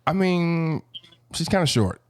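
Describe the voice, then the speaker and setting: A man's voice: fairly high pitch, animated, a little slow, a little mellow, clear, resonant tone, dry recording. A man hosting a podcast, rambling and playful, often cutting in on others. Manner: rambling, self-interrupting, playful. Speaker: podcast host. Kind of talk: casual podcast banter.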